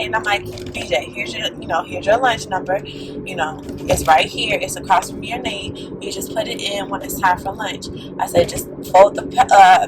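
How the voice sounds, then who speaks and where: A woman in her thirties vlogs from a car, speaking candidly and loosely with many fillers. Her voice sits at a middle pitch for a woman. Steady road noise rumbles clearly under her words. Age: 30s. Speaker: vlogger. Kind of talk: casual talk to camera.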